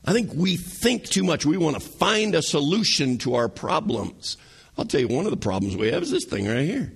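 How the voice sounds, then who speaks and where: A male pastor preaching with a slightly high, gravelly, husky voice. His pitch leaps up and down as he fires rhetorical questions at the congregation, with a sarcastic edge now and then. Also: sing-song, normal speed. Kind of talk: sermon.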